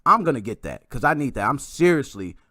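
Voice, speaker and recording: A man hosting a podcast, telling a story in a casual, excitable way with some mild swearing. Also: mid-range voice, fairly quick, dry recording, studio quality. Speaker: podcast host.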